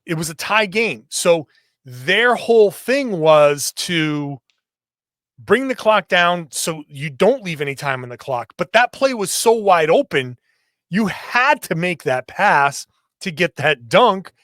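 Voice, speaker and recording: Man with a high voice, rambling sports analysis, dry close mic. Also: sing-song, slow, a bit bright, dry recording. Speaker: podcast co-host.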